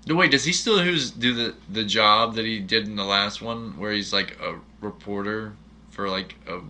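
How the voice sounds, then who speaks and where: A man's voice: on the low side, moderate pace, bright, forceful tone. A man co-hosting a casual movie chat, asking eager, jokey questions. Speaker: podcast co-host.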